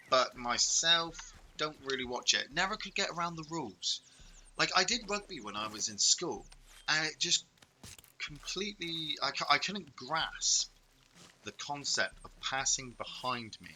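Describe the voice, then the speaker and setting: A man's voice: mid-range voice, sharp tone. Rambling man chatting over gameplay, noisy. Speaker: host. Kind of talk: casual gameplay commentary.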